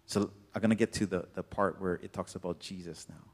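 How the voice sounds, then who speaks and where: A man's voice: low voice, steady tone, fairly quick, a little mellow. A man preaching a casual sermon in a laid-back, chatty way, full of filler words. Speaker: pastor. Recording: reverberant hall.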